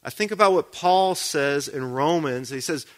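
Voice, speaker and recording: A man's voice: fairly high pitch, animated, moderate pace. A man preaching a sermon in a conversational way, often checking in with the congregation with questions.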